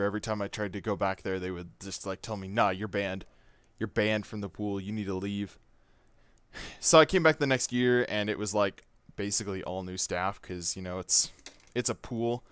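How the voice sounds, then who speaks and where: A man's voice: lowish voice, fairly bright tone, clean tone, no echo. A man casually telling a personal story, rambling with lots of fillers and swearing. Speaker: gaming YouTuber.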